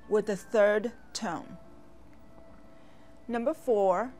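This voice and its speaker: A woman teaching as a language instructor, speaking in a slow, deliberate instructional manner with clear, careful enunciation and long pauses. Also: medium pitch. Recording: voice over soft background music.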